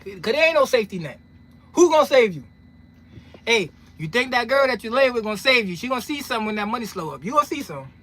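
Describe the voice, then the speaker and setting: A man's voice: very high voice, very animated, quick pace, a bit bright. A man, a trucking content creator talking straight to his viewers in a casual monologue, emphatic and full of street slang, repeating lines for punch. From New York.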